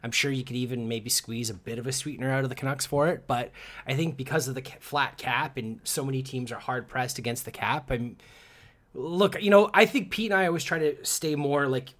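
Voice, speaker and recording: A man's voice: mid-range voice, a little fast, a bit bright. A man co-hosting a casual sports podcast, chatty, with many fillers and restarts. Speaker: podcast co-host.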